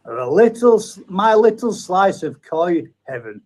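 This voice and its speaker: A man's voice: sits high, big pitch swings, measured pace, darkish tone, low-quality recording. A man hosting a live chat stream. He reads out viewer comments and banters with his guests in a casual way. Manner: chatty, banters and reads names aloud.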